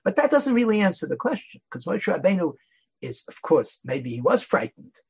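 An older man with a deeply husky, raspy voice teaches an informal Torah class. He rambles into stories and digressions, laughing softly and sprinkling in "you know." The sound is dull and lo-fi. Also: big pitch swings, moderate pace. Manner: digressive storyteller, chuckles often, many "you know"s.

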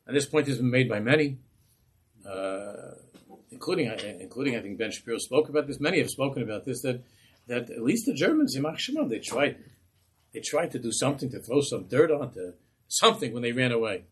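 A man's voice: medium pitch, very animated, brisk, a bit bright, slight background noise. A man, a rabbi, teaching a Torah class in a passionate, rhetorical way. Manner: impassioned, rhetorical.

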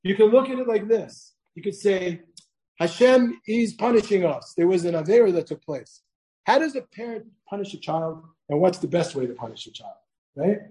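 A man's voice: sits high, lively intonation, normal speed, warm tone, poor audio. A middle-aged man teaching a Torah class to students, conversational, asking "right?" again and again, telling stories from home and mixing Hebrew and Yiddish terms into his English. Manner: conversational, asks "right?" often, tells personal stories.

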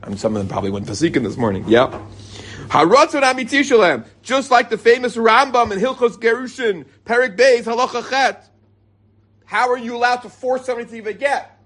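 A man's voice: very high voice, animated, fairly quick, fairly bright tone. A middle-aged man teaching an informal Torah class to a live group, reading Hebrew passages and then explaining them in casual, joking English.

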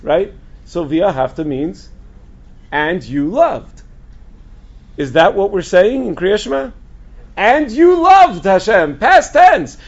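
Rabbi lecturing a group: husky, gravelly, slightly high male voice that restarts often, dull lo-fi recording. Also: darkish tone. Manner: asks the audience questions and answers them himself; restarts and repeats words often.

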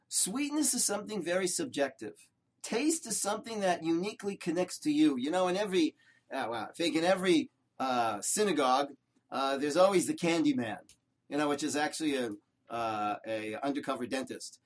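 An older rabbi teaches Torah with a husky, fairly high voice. He tells his stories with animation, fires off rhetorical questions, and hammers home short repeated phrases. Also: expressive, normal speed. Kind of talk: Torah lesson.

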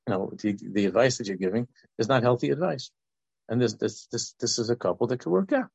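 A man's voice: mid-range voice, a little fast, creaky, darkish tone, husky, dry recording, lo-fi sound. A man in his sixties, a religious teacher and counselor, giving an informal Torah talk that rambles through restarts and asides.

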